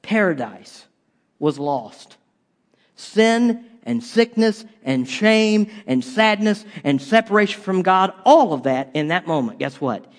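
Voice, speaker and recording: A male pastor with a notably high voice delivers a playful sermon. He swings his energy hard, punching up the jokes and then dropping low and quiet for drama. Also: slow pace. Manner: animated, swings between loud punchlines and quiet dramatic drops. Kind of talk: humorous sermon.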